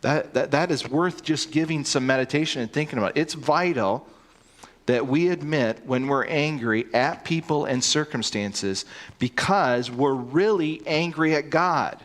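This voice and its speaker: A man's voice: fairly high pitch, unhurried, a bit bright. A man preaching a sermon, earnest and emphatic, often repeating words as he starts a sentence.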